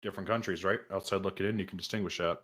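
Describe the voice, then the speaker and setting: A man's voice: sits low, fairly even intonation, racing, a bit bright. A man from Canada explaining at length in casual chat, with many restarts. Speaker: podcast co-host.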